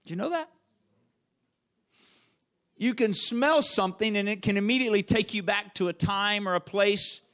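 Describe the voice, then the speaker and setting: A man's voice: high-pitched, normal speed, pauses often, a bit bright. A middle-aged man preaching a sermon, telling stories and repeating phrases for emphasis. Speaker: pastor.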